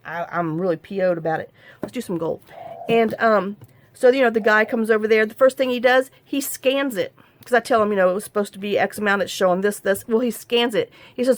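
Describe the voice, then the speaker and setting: A woman's voice: medium pitch, brisk, dry recording. A middle-aged woman, chatting casually while she crafts and telling a long story full of fillers and restarts. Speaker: crafting vlogger.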